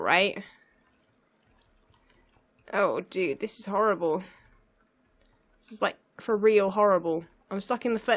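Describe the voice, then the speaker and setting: A woman's voice: medium pitch, fairly bright tone. A young woman narrating her own gameplay, flustered and laughing as she talks herself through it. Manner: flustered, self-talking, laughs often. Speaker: let's play gamer. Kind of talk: live gameplay commentary.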